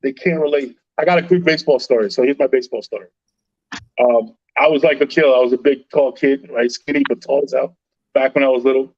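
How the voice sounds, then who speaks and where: A man hosting a casual sports podcast, telling stories in an animated, slangy way with plenty of swearing. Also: medium pitch, no room sound, muffled recording.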